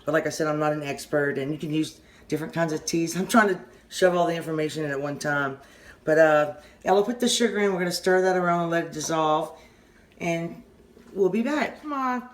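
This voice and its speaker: Rambling Southern woman in her kitchen. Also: low voice. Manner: rambling, halting, often restarts sentences. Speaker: home cooking channel host. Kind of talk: casual kitchen how-to demonstration.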